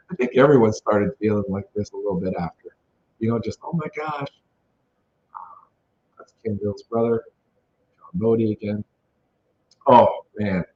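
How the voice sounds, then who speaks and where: A man's voice: lowish voice, a little mellow. A man casually narrating photos from an event he organized, enthusiastic and rambling, with many fillers. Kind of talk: casual photo slideshow commentary. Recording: dull lo-fi sound with faint noise.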